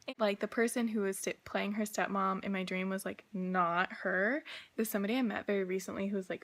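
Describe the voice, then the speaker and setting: A young woman vlogging casually as she tells a long story, rambling with lots of filler words. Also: mid-range voice. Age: young adult.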